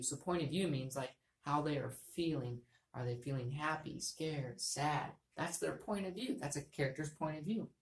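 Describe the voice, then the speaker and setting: Low-voiced teacher explaining patiently. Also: female voice. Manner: patient, repeats key points and models reading voices. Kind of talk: reading lesson for young students. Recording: echoey room.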